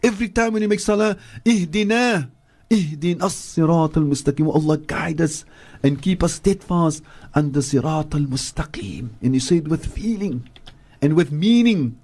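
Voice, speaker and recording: A South African man teaching faith on the radio, his voice sitting fairly high for a man yet soft and mellow in tone. He intones verses slowly and deliberately, then explains them earnestly, repeating key words for weight, in a studio setting. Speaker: Islamic scholar and regular radio guest.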